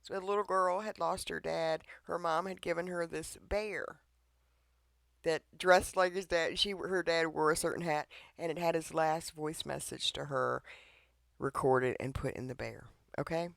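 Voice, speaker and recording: Earnest gravelly man preaching. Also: on the high side, steady tone, unhurried, fairly bright tone, no echo, clean studio sound. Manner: earnest, pleading, repeatedly checks in with the listener. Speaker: online devotional preacher. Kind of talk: informal devotional talk.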